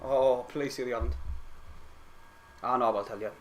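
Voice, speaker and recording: A young man, excitably commentating on a football match for his live-stream viewers and swearing freely. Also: mid-range voice, moderate pace.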